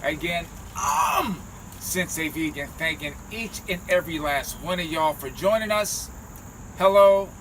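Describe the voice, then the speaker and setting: A playful, hyped man hosts a casual food-tasting vlog on a city street, his voice sitting a bit high for a man. Steady traffic and street noise run clearly behind him, picked up on a handheld phone outdoors. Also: measured pace. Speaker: vegan food vlogger.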